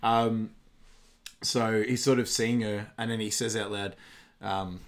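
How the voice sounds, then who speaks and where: A man's voice: on the low side, steady tone, slow pace, long pauses. A man co-hosting a casual podcast, talking through a film scene by scene. He rambles, trips over his words and laughs easily as he goes. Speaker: podcast co-host. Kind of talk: casual film recap chat.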